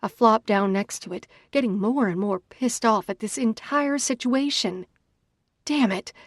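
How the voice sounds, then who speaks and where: A woman's voice: fairly high pitch, normal speed, dry recording, clean studio sound. A woman narrating a first-person romance audiobook in an emphatic, dramatic reading.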